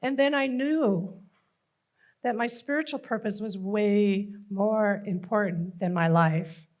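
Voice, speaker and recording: A middle-aged woman telling a personal story on stage, slow and deliberate with emotional emphasis. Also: medium pitch, a little mellow.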